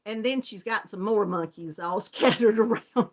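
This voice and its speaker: A woman's voice: mid-range voice, moderate pace. A middle-aged woman with a Southern US accent hosting a crochet channel, chatting with viewers in a friendly way, often laughing and calling them hon. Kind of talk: casual chat greeting viewers.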